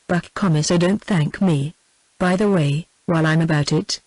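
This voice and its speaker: A synthetic woman's voice with a British English accent reads a novel aloud in an even machine delivery, sometimes speaking the word "comma". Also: fairly low pitch, no echo, poor audio. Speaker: audiobook narrator. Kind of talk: synthetic text-to-speech book reading.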